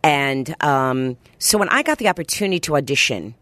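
A middle-aged woman chatting as a guest in an interview, animated and quick to jump up in pitch. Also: no room sound. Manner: animated, pitch jumps high when excited. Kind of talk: casual interview chat.

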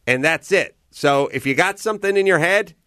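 A man in casual conversation, telling stories in a blunt, profane and animated way. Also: a little high, moderate pace, no room sound, clean studio sound.

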